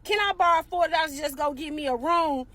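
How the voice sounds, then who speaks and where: Lady putting on a timid grown cousin, soft and unsure, voice still way up high. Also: fast, dry recording. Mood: sheepish. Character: weary adult woman cousin, meek.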